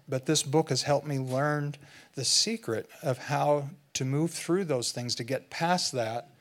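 A man filling in as guest preacher, giving a conversational sermon and slowing down to stress key phrases. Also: medium pitch. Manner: conversational, slows down for emphasis.

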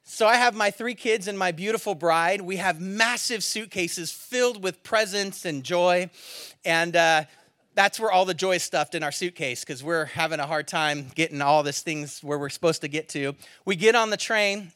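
Middle-aged male pastor, high bright voice, dry close sound, storytelling sermon that swings between loud and hushed. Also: moderate pace, no echo. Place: church service.

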